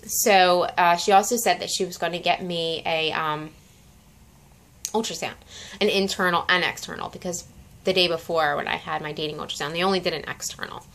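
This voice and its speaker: A young woman chatting to her camera at home at night, her bright, forceful voice pitched a little low. She sounds tired and short of breath, filling her talk with lots of little fillers. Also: steady tone, brisk. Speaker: vlogger. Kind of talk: casual pregnancy vlog.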